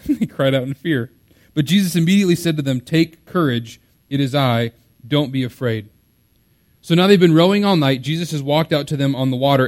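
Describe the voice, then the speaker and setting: A man delivering a sermon as a pastor, his voice sitting a little higher than most men's. He talks in a loose, conversational way, explaining as he goes and leaning on casual fillers.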